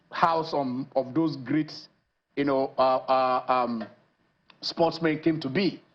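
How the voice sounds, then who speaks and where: A man from Nigeria hosting a TV sports show, lively and rambling, with lots of fillers and restarts. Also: fairly high pitch, lo-fi sound. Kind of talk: TV sports show chat and interview. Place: TV studio.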